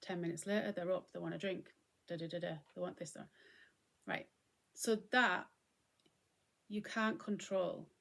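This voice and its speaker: A middle-aged woman giving a gentle, conversational talk on mindfulness and acceptance as host. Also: on the low side, steady tone, measured pace, gravelly, pauses often. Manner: gentle, conversational, often acting out what she would say.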